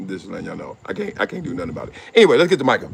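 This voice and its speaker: A man's voice: fairly low pitch, wildly swooping pitch, rapid-fire, creaky, slight background noise. A middle-aged man hosting his own show, riffing in slangy casual commentary, laughing often and acting out quotes. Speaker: show host.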